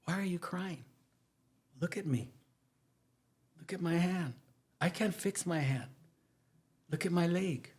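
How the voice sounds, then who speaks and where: A man quoting a blunt, gruff father telling his boy to stop crying, delivered a little higher and quieter than the speaker's normal talk. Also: slow pace, long pauses, exaggerated voice. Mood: scolding. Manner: blunt, scolding. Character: stern disabled father scolding his crying son.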